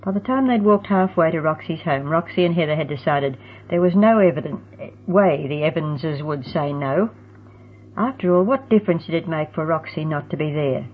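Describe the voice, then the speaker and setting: A woman narrating a storybook in a steady, even reading voice. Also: sits low, moderate pace, a little hiss or hum. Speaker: audiobook narrator. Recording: tinny phone-like sound.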